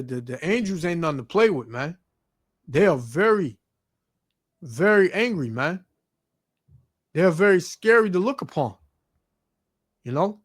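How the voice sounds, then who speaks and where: A man with a high-pitched voice preaches over news clips. He reads scripture aloud and stammers through his fillers. He ends nearly every phrase with "man". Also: dry recording, clean studio sound. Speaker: street preacher.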